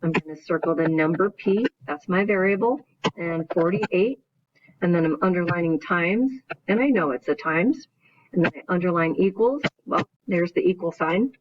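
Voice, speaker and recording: A woman's voice: fairly low pitch, moderate pace. A woman math teacher giving a recorded video lesson, explaining each step in order and often checking in with "right?". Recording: dull lo-fi recording.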